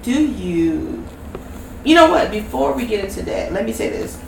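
A woman's voice: medium pitch, lively intonation, normal speed, creaky. Joking woman, distant echoey podcast mic. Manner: joking, profane, storytelling. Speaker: podcast co-host. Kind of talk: casual chat. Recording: roomy, distant mic with background noise.

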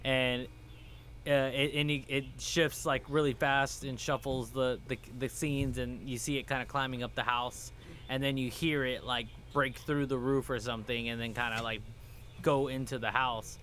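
A man casually explaining a movie scene, relaxed, often trailing off and restarting words. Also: medium pitch, moderate pace, slight background noise. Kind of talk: casual movie recap chat.

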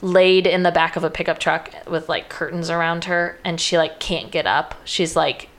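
A young woman in casual chat, retelling a film's plot in a loose, chatty way full of "like" and quick quoted voices. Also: lowish voice, fairly even intonation, fairly bright tone. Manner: chatty, heavy use of "like", breaks into quoted voices.

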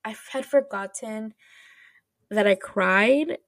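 A woman hosting a podcast, rambling through an animated, casual retelling full of fillers and restarts. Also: a little high, slow, vocal fry, no echo, studio quality. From United States. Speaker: podcast host. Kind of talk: casual chat.

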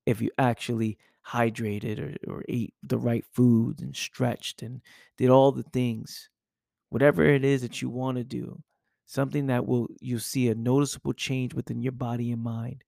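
A man's voice: mid-range voice, little pitch movement, normal speed, gravelly, dark tone, dry recording, clean studio sound. A man hosting a podcast and delivering an intense, preachy motivational monologue full of rhetorical questions. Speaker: podcast host.

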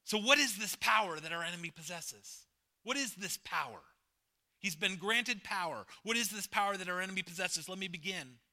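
A man's voice: high-pitched, animated, a little fast. A man preaching a sermon as pastor, repeating key phrases and joking with the congregation. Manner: emphatic preacher, repeats phrases, swings from loud to hushed; jokes with the congregation, asks questions.

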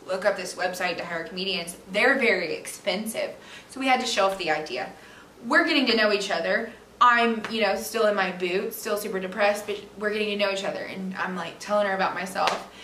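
A woman's voice: medium pitch, brisk, bright, forceful tone. A woman in her twenties, a podcast host, telling a personal story in a candid, chatty way full of "like" and "literally", recorded at home on a camera mic. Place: room at home. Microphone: camera mic, at a distance. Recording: echoey room, distant from the mic, faint hiss.

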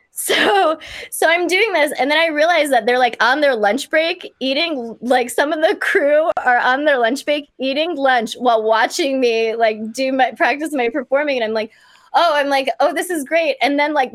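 Her voice sits high and the recording has no echo as this young guest from Kansas tells a casual story. She's bubbly and fills her speech with "like."

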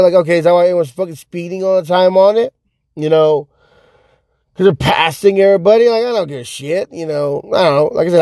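A man's voice: a little high, dark tone, dry recording, studio quality. A young man rants casually to the camera in profane, rambling speech, repeating himself, sitting in a car. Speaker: vlogger.

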